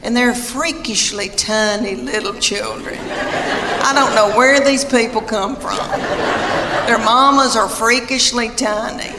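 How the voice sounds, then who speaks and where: A woman's voice: on the high side, slow pace, heavy background noise. A middle-aged woman with a Southern US accent telling stand-up stories in a chatty, folksy way. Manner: chatty, drawling, folksy asides. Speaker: stand-up comedian. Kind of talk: stand-up comedy storytelling. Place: theater stage before a laughing audience. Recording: live hall echo with crowd laughter.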